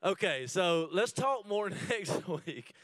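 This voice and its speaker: Lively joking man leading a class. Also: high-pitched, slow, no echo. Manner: animated and joking, laughs often. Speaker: church marriage class leader. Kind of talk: teaching a marriage class.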